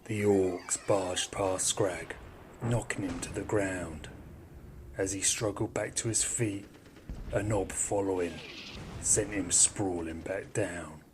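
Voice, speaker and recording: A man narrating an audio drama in measured storytelling, with some hushed, whispery passages. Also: low-pitched, steady tone, background noise.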